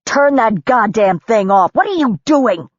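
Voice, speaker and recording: A woman narrator voicing a hot-tempered woman who shouts and swears at intruders on her property. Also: low voice, lively intonation, a little slow, breathy edge, dry recording, lo-fi sound, full character voice. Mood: furious yelling.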